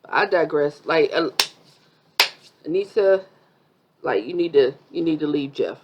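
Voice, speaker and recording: A woman's voice: sits low, a little slow, lo-fi sound, a little hiss or hum. A woman vlogger giving a chatty, sassy review of a reality TV episode, full of asides.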